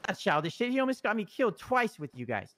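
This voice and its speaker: A man's voice: high-pitched, very animated, quick pace, a bit bright. A man in a heated improvised roleplay, pleading and swearing constantly in a frantic way. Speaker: roleplay character Stevie.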